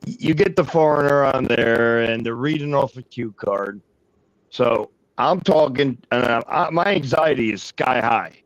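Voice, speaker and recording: A man telling a long, profane anecdote in casual chat, rambling and animated. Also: mid-range voice, unhurried, no echo, muffled recording. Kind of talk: casual storytelling.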